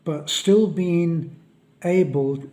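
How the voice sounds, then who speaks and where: A man speaking a solemn, halting vlog monologue on a death in a friend's family. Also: a little high, warm tone. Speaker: vlogger. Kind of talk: reflective monologue.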